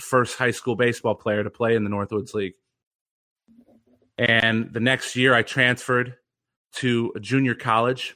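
A man's voice: mid-range voice, bright, forceful tone. A young man telling an earnest, reflective story as a podcast guest. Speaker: guest, former pitcher and mental conditioning coach.

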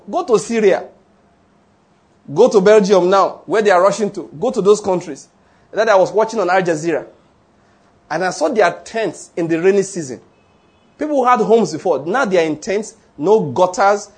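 A man preaching a sermon, chatting with his congregation, putting questions to them and reading scripture slowly and deliberately. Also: high voice, slightly rough. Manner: conversational, asks the congregation questions.

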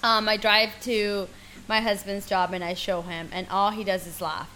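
A young woman on a podcast telling a story casually, animated and acting out the quoted voices, laughing often. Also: mid-range voice, moderate pace, heavy background noise. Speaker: podcast co-host.

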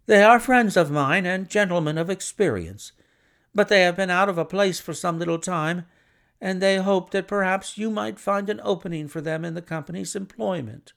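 A man doing an eager, high young clerk. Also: normal speed, creaky, fairly bright tone.

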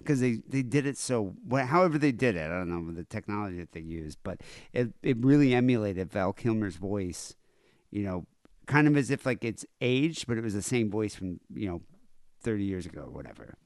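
A lowish male voice that swings widely in pitch, rambling through casual podcast chat with crude jokes. The sound is dry and close, with no room echo. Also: expressive, brisk, darkish tone. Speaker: podcast co-host.

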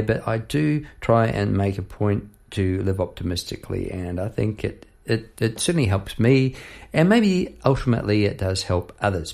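A man's voice: fairly low pitch, creaky, a little mellow. A middle-aged Australian man, a songwriter and piano teacher, chatting casually and laughing at himself as he tells a story.

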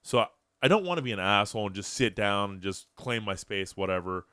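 A low-pitched man hosts a casual podcast and spins a bar story with plenty of swearing and energy. The sound is dry and close to the mic, with no room around it. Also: fairly quick, clear, resonant tone, no room sound. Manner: profane, animated storyteller. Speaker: podcast host.

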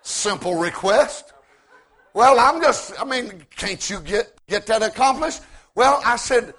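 A man preaching a sermon in a folksy, joking way, repeating words as he builds up and rising to shouts at his high points. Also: lively intonation, unhurried. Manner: repeats words when starting sentences.

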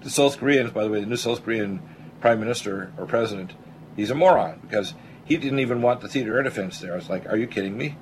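Blunt, excitable male talk-radio host. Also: lowish voice, quick pace, a little hiss or hum, rough recording. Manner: blunt, excitable, repeats words when starting. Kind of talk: political talk radio discussion.

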